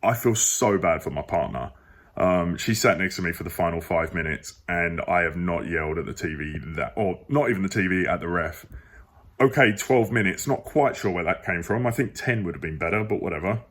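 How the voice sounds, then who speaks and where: Husky exasperated football fan. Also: male voice, low voice, brisk, a bit bright. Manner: exasperated, rambling, rising emphatic outbursts. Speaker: football fan channel host. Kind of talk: casual match review to camera. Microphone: phone.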